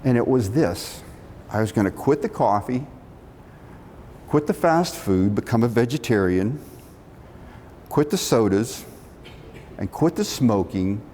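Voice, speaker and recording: A middle-aged man telling a story from his working life, animated, acting out the quotes. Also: measured pace, pauses often. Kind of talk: storytelling talk. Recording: long reverb of a hall, faint rumble.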